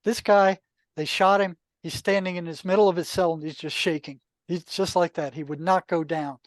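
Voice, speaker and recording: An older man, a retired therapist, telling anecdotes in a relaxed, conversational podcast interview, full of asides. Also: high-pitched, moderate pace, no echo. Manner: relaxed, anecdotal, many asides and "you know". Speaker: podcast guest, retired psychotherapist. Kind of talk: casual storytelling.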